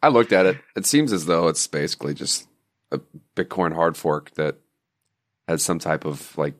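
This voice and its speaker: A hungover man co-hosting a podcast, drowsy and deadpan. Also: very deep voice. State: hungover, yawning. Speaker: podcast co-host. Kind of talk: casual podcast chat.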